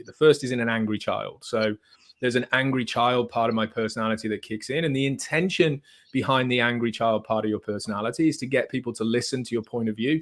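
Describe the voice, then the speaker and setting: A man, a therapist hosting, explaining ideas in a measured, teaching way. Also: mid-range voice. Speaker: therapist, host. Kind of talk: explanatory talk.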